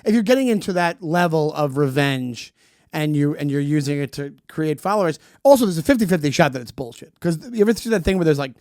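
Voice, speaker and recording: A comedian guest riffing playfully in a high, bouncy voice that swings all over. The recording is dry and close. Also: male voice, animated, fast talker, a little mellow, dry recording. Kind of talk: casual comedic chat.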